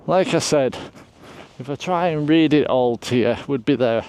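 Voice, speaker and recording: Out on a windy moorland hilltop, an older man talks casually to his viewers as he walks, rambling and poking fun at himself. He speaks at normal speed in a medium-pitched, slightly mellow voice, and a little background noise is audible.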